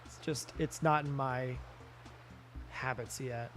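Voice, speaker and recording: A man's voice: mid-range voice, steady tone, takes it slowly, a bit bright, faint music behind. Sleepy man rambling on a late stream. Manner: rambling, trailing off, frequent fillers and restarts. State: sleepy, tired. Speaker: game streamer. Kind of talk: casual late-night live-stream chat while gaming.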